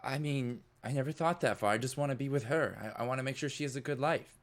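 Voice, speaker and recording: A jittery young drug dealer, as a man puts him on, his voice jumping up high and shaky whenever he pleads. He sounds scared and lovesick, close to tears. He speaks in a tabletop role-play. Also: fast, natural voice. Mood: earnest.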